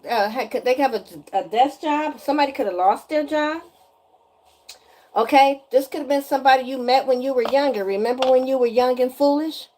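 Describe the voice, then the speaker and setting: Sassy and chatty, a woman who reads tarot energy speaks straight to the viewer in a spiritual reading, frequently asking "okay?". Her voice is high and warm, and she talks a little fast.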